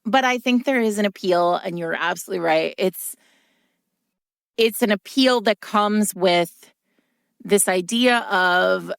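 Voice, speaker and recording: A woman's voice: mid-range voice, measured pace, gravelly, a bit bright, clean tone, no room sound, clean studio sound. A middle-aged woman co-hosting a podcast in casual chat, talking in a chatty, thoughtful way with frequent asides. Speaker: podcast co-host.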